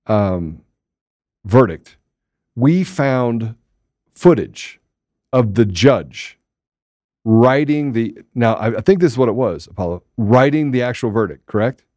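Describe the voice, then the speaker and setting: Man, show host, excitable, jokey, laughs often, dry close mic. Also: mid-range voice, slow pace, pauses often, no room sound. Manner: excitable, laughs a lot, jokey play-by-play commentary. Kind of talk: casual political chat.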